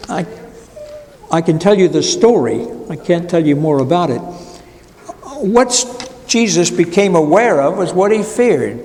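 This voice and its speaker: A male pastor gives an informal Bible lesson to adults, his voice sitting a little high for a man. He talks in a conversational, wandering way and drops wry asides. A long reverb from the church room trails each phrase. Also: darkish tone. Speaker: pastor teaching adult education. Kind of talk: informal Bible class lecture. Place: church classroom.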